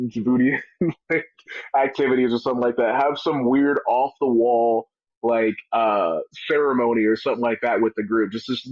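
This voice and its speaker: A man talking casually as a guest in an interview, joking and telling animated stories. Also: medium pitch, no room sound, highs cut off. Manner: joking, animated storytelling with comic voices. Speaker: wrestler guest.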